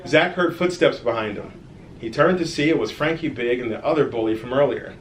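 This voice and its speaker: A man's voice: medium pitch, brisk, slight background noise. Man reading a kids' story in an echoey room. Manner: lively storytelling with asides to kids. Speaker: author reading his own book. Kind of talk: reading a children's story aloud.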